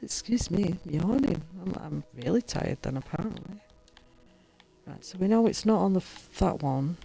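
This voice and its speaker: A woman's voice: on the low side, animated, normal speed, gravelly, warm tone, husky, soft background music. A woman chatting casually to her viewers as she plays a building game and talks to the characters. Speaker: gaming streamer. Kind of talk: casual gameplay commentary.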